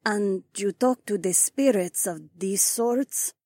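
A raspy young noblewoman, put on by a male narrator in an audiobook. She speaks slowly and quietly, with wonder. The sound is close and dry. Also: sits high, dry recording, voice pushed up. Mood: curious.

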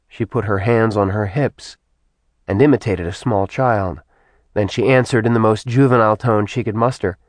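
A man narrating an audiobook in a soft, even storytelling manner. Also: lowish voice, normal speed, no room sound. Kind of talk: scripted narration.

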